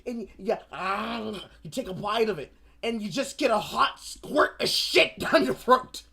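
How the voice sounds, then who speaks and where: A woman streamer ranting in casual commentary, profane and animated, often slipping into mocking voices. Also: on the high side, unhurried, vocal fry, slightly rough.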